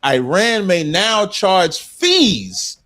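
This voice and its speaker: A man's voice: sits high, big pitch swings, very slow, bright, forceful tone. Insistent man reading aloud in debate. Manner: insistent, reads text aloud then comments. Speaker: panelist. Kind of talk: heated panel debate.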